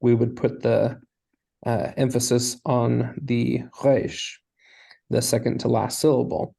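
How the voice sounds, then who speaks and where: A man's voice: medium pitch, fairly even intonation, slow pace, vocal fry, dark tone, slightly rough, rough recording. A man teaching a Hebrew lesson, explaining patiently step by step. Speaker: language teacher.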